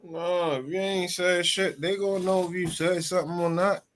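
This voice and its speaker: Higher voiced guy, blunt street talk, repeats himself a lot. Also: fairly even intonation, normal speed, a bit bright, slight background noise. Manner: repetitive, emphatic street talk. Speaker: host. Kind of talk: casual chat.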